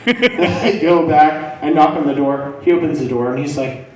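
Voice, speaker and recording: A man's voice: on the high side, normal speed. A young man doing stand-up comedy, telling a profane story and acting out the people in it. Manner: profane, animated, acts out characters. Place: comedy club stage. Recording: echoey room from a distance, faint noise.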